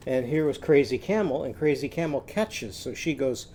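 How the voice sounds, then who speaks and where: A man's voice: mid-range voice, expressive, normal speed, few pauses, darkish tone, a little hiss or hum. A man teaching young children a phonics lesson, singing little chants and leading sound drills for them to repeat.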